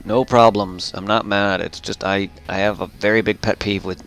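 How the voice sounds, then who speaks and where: A man's voice: fairly low pitch, flat delivery, moderate pace, fairly bright tone, soft background music. A man chatting casually while streaming a game, rambling and repeating himself. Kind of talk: casual chat while gaming.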